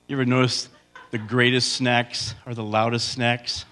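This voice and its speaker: A man in his fifties telling comic stories to a church congregation, acting out loud impressions of himself and his wife. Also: medium pitch, sing-song, normal speed. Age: 50s. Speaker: comedian speaking at church. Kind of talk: comedic storytelling to a congregation. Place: church sanctuary.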